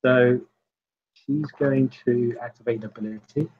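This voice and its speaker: Husky man running a game. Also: mid-range voice, steady tone, unhurried, dull audio. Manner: loose, rambling description with many fillers. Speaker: game master. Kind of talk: narrating a tabletop game.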